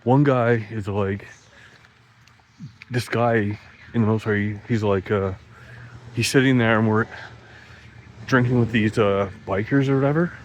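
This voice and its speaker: A man's voice: fairly low pitch, steady tone, measured pace, long pauses, slight background noise, low-quality recording. A man telling rambling stories in a casual monologue, full of "like" and restarts, swearing freely and laughing at his own jokes. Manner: swearing freely, voice jumps up when quoting himself.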